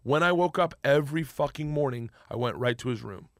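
A man telling a long story in casual chat, animated and profane, acting out the other people's lines. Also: mid-range voice, a little fast, dry recording, studio quality. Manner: animated, profane, acts out quotes. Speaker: guest storyteller.

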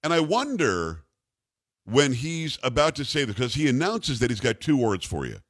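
A man's voice: mid-range voice, wildly swooping pitch, moderate pace, a bit bright, husky, dry recording, studio quality. A man hosting a talk radio show, bantering with a co-host in a jokey, sarcastic way. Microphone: studio mic.

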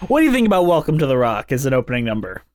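A man's voice: medium pitch, wildly swooping pitch, very fast, loud music behind the voice. A man co-hosting a casual podcast about musicals, chatty and jokey, swearing now and then and filling gaps with "like" and "um". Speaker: podcast co-host. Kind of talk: casual chat.

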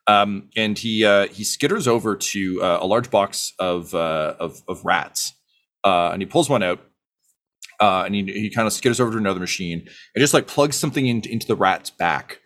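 A man narrating a tabletop game as game master, halting and filling pauses with "uh". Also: on the low side, a bit bright. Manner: halting, lots of fillers.

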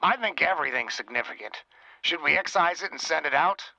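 A man's voice: fairly high pitch, expressive, a little fast, creaky, bright, forceful tone, dry recording, voice pushed up, heavily acted, low-quality recording. A man voicing an easygoing male lab assistant who talks in a friendly, joking way.

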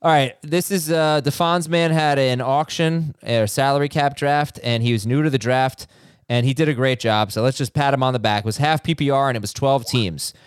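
Casual podcast host, dry studio sound. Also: male voice, mid-range voice, moderate pace, clear, resonant tone, no room sound. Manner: relaxed, filler-heavy, teasing. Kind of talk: casual chat.

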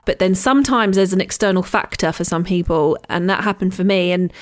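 A woman's voice: fairly low pitch, a little fast. A woman co-hosting a podcast, talking candidly and with animation, often laughing and repeating herself. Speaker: podcast co-host. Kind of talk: casual chat.

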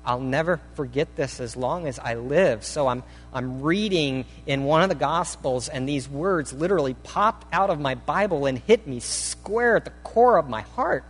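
A man's voice: a little high, expressive, moderate pace, hardly any pauses, slightly rough. Man preaching in a reverberant hall. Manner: earnest, dramatic reading that swells and hushes. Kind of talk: sermon, reading a testimony aloud in first person. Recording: reverberant hall with faint hum.

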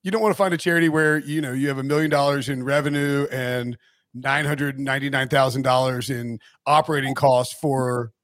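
A man co-hosting a sports podcast in casual chat, talkative and quick to laugh, often stumbling over his words. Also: mid-range voice, fairly even intonation, fairly bright tone, no echo, clean studio sound. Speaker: podcast co-host.

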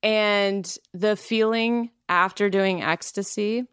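A woman's voice: medium pitch, steady tone, slow pace, fairly bright tone, clean tone, no room sound, studio quality. A woman in her thirties, from Canada, talking candidly as a podcast guest, laughing often and using many filler "like"s. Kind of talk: casual interview chat.

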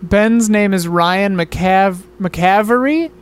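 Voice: medium pitch, takes it slowly, clear, resonant tone. A player chatting loosely and laughing often while sorting out characters for a tabletop game. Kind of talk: casual chat setting up a tabletop game.

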